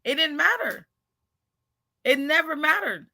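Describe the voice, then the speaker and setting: Loud and lively but unhurried, this high-voiced, bright-sounding host jokes brashly with her viewers in casual chat. She laughs a lot and keeps circling back to saying "shoot".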